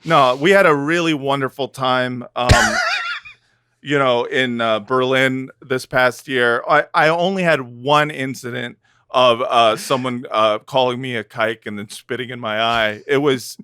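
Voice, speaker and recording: Sarcastic podcast guy, bright crisp voice, dry close sound. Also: medium pitch, unhurried, dry recording. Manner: sarcastic, riffing, many fillers. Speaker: podcast co-host. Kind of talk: casual comedic chat.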